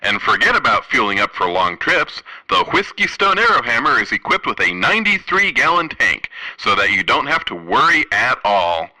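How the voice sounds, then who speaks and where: Guy doing a pompous old radio announcer captain, super bright, bouncy, all over the place. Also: mid-range voice, very animated, normal speed, few pauses, rough recording. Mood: salesy. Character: pompous retired army captain, 1930s man. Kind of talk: 1930s radio acting.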